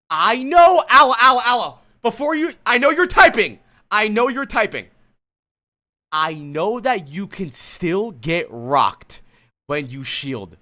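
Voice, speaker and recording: A male streamer coaching a player live, with a high, bright voice. He is blunt and exasperated, swears freely, and breaks off to talk to his chat while he lectures. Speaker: streamer coach reviewing gameplay.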